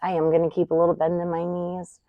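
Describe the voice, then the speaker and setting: A woman yoga instructor giving calm, unhurried cues for poses and breathing. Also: on the low side, dry recording, phone-quality sound. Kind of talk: guided yoga class instruction.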